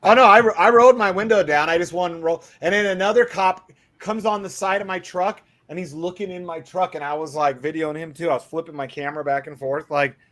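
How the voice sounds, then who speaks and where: A man's voice: sits high, brisk. A man in casual chat, telling a story with lots of swearing and acting out what people said. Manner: profane, animated, acts out quotes.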